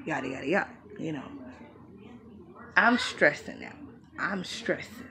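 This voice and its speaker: A woman's voice: lowish voice, very animated, normal speed, creaky, pauses often, a crowd in the background. A young woman telling a personal story in a frank, profane, casual way, full of trailing fillers. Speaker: vlogger. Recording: noisy background hiss.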